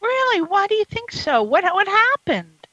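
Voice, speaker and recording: Bubbly high-voiced woman host. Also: normal speed, no echo, highs cut off. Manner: animated and bubbly, laughs often. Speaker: show host. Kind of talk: casual chatty interview.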